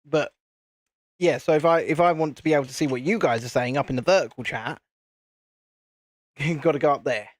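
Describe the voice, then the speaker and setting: British male streamer, rambling chat, slightly high voice, dry close sound. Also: a little fast, pauses often, no room sound. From United Kingdom. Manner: chatty, rambling, reads viewer chat aloud. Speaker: livestream host. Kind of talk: casual live stream chat while building. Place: home streaming setup with cameras and lights.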